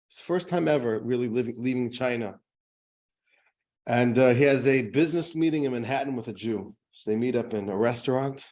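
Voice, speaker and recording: A man, a rabbi, giving a casual lecture to a class, chatty and joking, his pitch jumping up to stress points. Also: dark tone. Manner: chatty, jokey, pitch jumps up for emphasis.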